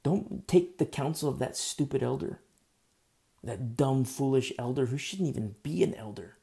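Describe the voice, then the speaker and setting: A man preaching a sermon in an emphatic, conversational way, swinging from loud bursts to hushed asides. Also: medium pitch, normal speed, vocal fry.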